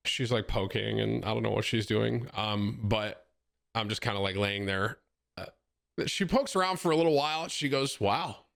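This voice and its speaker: A man's voice: on the low side, normal speed, gravelly, fairly bright tone. A man in his thirties, a streamer chatting casually with his viewers and telling a rambling, joking story full of slang. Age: 30s.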